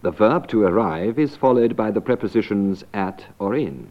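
Measured male lesson narrator. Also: on the low side, expressive. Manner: clear, measured teacher delivery. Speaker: language course narrator and teacher. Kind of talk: scripted narration and explanation. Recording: dull lo-fi old tape.

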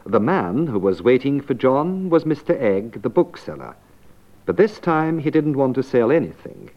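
A man narrates a language lesson in clear, measured tones, his pitch moving in lively swings. The sound is dull and lo-fi, like an old course tape. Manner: clear, measured teacher delivery. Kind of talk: scripted narration and explanation.

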